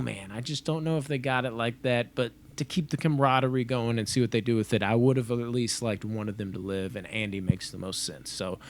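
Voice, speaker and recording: A young man giving a casual spoken review of a TV episode, rambling and offhand, with frequent swearing. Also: lowish voice. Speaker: movie and TV reviewer.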